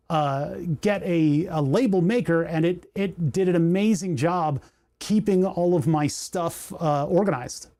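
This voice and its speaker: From his home workshop, a man hosts a casual livestream through a desk mic, his voice on the high side with a dark tone and no room sound. He rambles as he works, muttering to himself while fiddling with menus.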